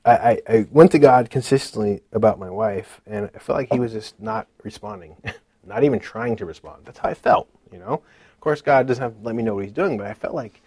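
A man's voice: fairly low pitch, a little fast, warm tone, slightly rough, dry recording. A man giving a personal church testimony in casual, earnest speech, laughing nervously now and then. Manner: earnest and emotional, with frequent nervous laughs and many fillers.

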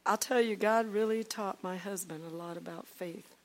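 A woman leading a ministry team, telling a faith testimony to a congregation in an animated storytelling way, moving from loud outbursts to near-whispers. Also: medium pitch, normal speed. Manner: acts out quoted dialogue, swinging from loud to hushed.

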